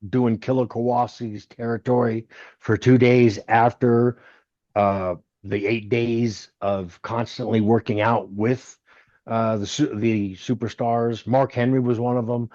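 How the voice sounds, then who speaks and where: A man's voice: mid-range voice, measured pace, no echo. A man in his sixties, a former wrestler, telling stories in an interview and acting out other people's lines. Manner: animated storyteller who acts out others' lines. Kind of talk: storytelling interview. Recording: dull, dry, lo-fi sound.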